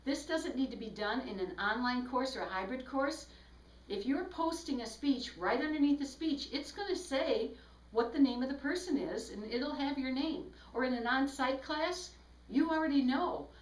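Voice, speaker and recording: A woman's voice: high voice, lively intonation, moderate pace, recorded from a distance. A woman speech instructor giving a recorded lecture, explaining tips and demonstrating examples aloud. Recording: echoey room, voice from off-mic.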